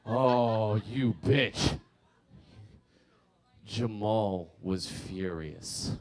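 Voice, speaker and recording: A man's voice: mid-range voice, animated, normal speed. A young man from Savannah, Georgia, doing a rambling, self-deprecating stand-up set on a comedy club stage into a handheld mic.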